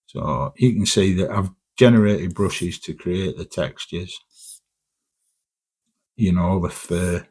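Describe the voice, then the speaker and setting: A man's voice: low-pitched, slow, pauses often, darkish tone, husky. A man in his fifties, a commercial artist, chatting casually and rambling through a vlog, swearing now and then. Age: 50s.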